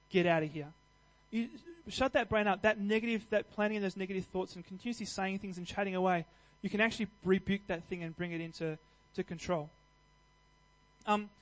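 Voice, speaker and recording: A man's voice: sits high, low-quality recording. A man preaching a sermon in an earnest, conversational way, restarting phrases and building to emphatic passages.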